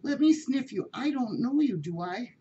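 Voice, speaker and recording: A woman's voice: a little high, expressive, moderate pace, warm tone, highs cut off, slight background noise, pitched above the performer's own voice, close to an everyday voice. A woman voicing a courteous male shelter cat who speaks in a formal, polite way. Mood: courtly.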